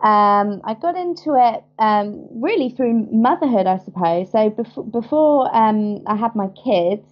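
A woman in her thirties with a southern English accent, chatting as an interview guest and often pausing with ums. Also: on the high side, expressive, lo-fi sound. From England. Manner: chatty, hesitant with many ums. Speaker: guest, business founder. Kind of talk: casual interview.

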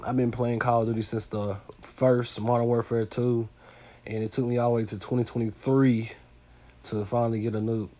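A man's voice: medium pitch, flat delivery, moderate pace, mellow. Congested, nasal man rambling through gameplay commentary. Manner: rambling, loose, many fillers and repeats, some swearing. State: under the weather. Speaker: gaming channel host.

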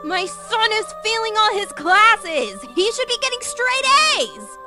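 Eine Frau spielt eine fordernde, nörgelnde Karen. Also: female voice, very high voice, sing-song, unhurried, music in the background, exaggerated voice. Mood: demanding. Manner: whiny, demanding. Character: entitled, demanding middle-aged woman.

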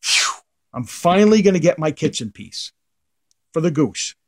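A man's voice: a little high, sing-song, moderate pace, slight background noise. A middle-aged man, a comic art collector, casually telling a rambling anecdote to the camera, his voice trailing off into mutters at the ends of phrases.

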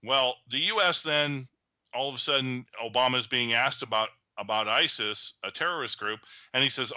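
A middle-aged man holds forth as a radio commentator. His voice is sharp and forceful and sits in a dead-dry room. He talks in a loose, animated way, stumbling over restarts and acting out what others said. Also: mid-range voice, moderate pace, no echo. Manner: animated storytelling, acts out quoted leaders, many restarts. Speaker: guest commentator.

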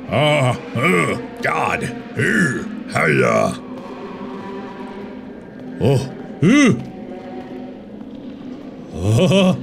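A man in his thirties playing a horror game on video, swinging between panicked yelling and dry jokey asides. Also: mid-range voice, wildly swooping pitch, very slow, creaky, pauses often, music in the background. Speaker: gaming video host.

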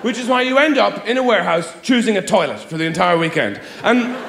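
A man with an Irish accent doing rambling, sardonic stand-up comedy on stage, jumping into shrill mock voices. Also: expressive, quick pace, gravelly, a bit bright, a little hiss or hum. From Ireland. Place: theatre stage with live audience. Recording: live hall echo.

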